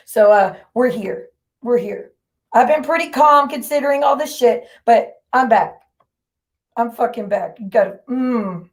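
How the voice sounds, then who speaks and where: Brief: woman stream host, fairly high voice, furious and profane, calling out her chat directly. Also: a little slow, pauses often. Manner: heated, profane, confrontational. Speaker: livestream host. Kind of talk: angry livestream rant.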